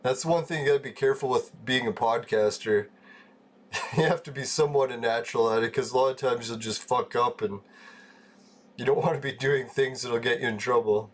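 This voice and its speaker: A man's voice: mid-range voice, fairly even intonation, brisk. Laid-back man chatting on a game stream. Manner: laid-back, chuckling, swears casually. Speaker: live-stream host. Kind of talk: casual live-stream chat while gaming.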